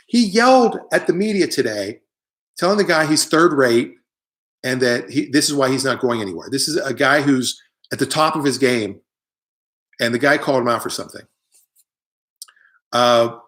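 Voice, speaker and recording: A man's voice: mid-range voice, a bit bright. Rambling, opinionated middle-aged comic man. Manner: rambling, opinionated, jokey asides. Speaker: comedian hosting a live online show. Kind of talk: casual comic monologue reading viewer comments.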